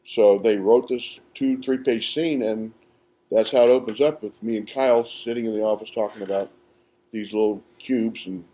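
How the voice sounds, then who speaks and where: A man, an actor guest, telling set stories with animated delivery and acting out quotes, recorded at a live podcast in a small theatre. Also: fairly low pitch, moderate pace. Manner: animated, acts out quotes with laughter. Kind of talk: casual anecdotal storytelling.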